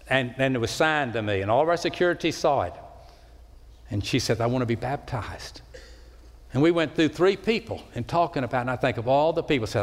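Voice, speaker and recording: Preacher booming in a big hall. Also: male voice. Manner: preaching with sweeping swings in pitch and loudness, slowing for emphasis. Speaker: pastor. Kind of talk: sermon. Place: large church sanctuary. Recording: long reverb of a large hall.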